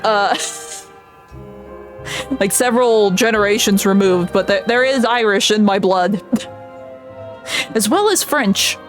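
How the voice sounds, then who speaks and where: A woman chatting casually on a game stream, giggling often as she talks. She speaks at a slow, unhurried pace with a mid-range voice, and soft music plays faintly underneath. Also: mid-range voice.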